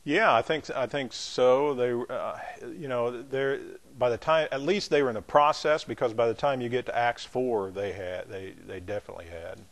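A man's voice: medium pitch, normal speed, hardly any pauses. A pastor, a man, teaching a Bible class in a loose, conversational way, with restarts and asides to his students. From not from the American South.

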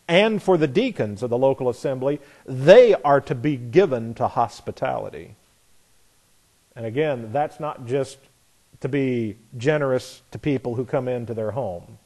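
A man preaching a sermon to his assembly. He has a mid-pitched voice and a conversational, teaching manner, with frequent restarts. He stops now and then to spell words out slowly, letter by letter. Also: mellow. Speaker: pastor.

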